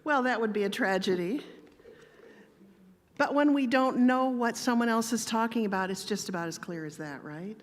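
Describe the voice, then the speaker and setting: A woman giving a sermon-style talk with personal stories, speaking in a calm, measured, gently conversational way. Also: a little high, in a large hall. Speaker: guest speaker. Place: church.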